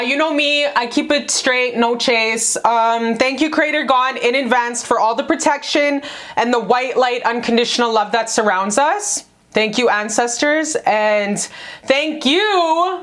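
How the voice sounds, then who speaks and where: A fairly high-voiced woman reading tarot cards for her viewers in a loose, chatty way. She gushes over them, calling them baby and honey, and swears freely. She hammers her points home by repeating them. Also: fairly bright tone. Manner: effusive, affectionate and profane, calls viewers baby and honey; emphatic repetition. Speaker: tarot card reader.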